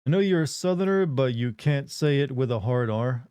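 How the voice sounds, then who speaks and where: A man's voice: medium pitch, expressive, normal speed, warm tone, clean tone, no room sound. A man hosting a live stream, joking and rambling in casual banter with his chat on a close desk mic. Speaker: livestream host.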